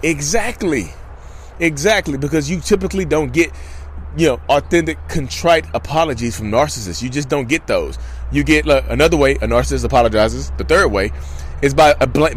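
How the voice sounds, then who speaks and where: A man's voice: a little high, a little hiss or hum. Emphatic man talking to camera outdoors. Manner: emphatic and repetitive, addresses viewers as y'all. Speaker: vlogger. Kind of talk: casual commentary to camera.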